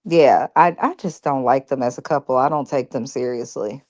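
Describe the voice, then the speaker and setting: A woman's voice: a bass voice, moderate pace, a little mellow. A woman co-hosting a casual recap show who shares frank, opinionated takes. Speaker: co-host.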